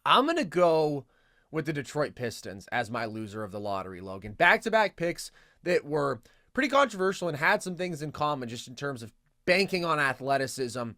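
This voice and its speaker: A man's voice: on the high side, big pitch swings, moderate pace, bright, forceful tone, dry recording, clean studio sound. A man co-hosting a podcast, talking in a casual analytical way and listing traits fluently and with confidence. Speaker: podcast co-host.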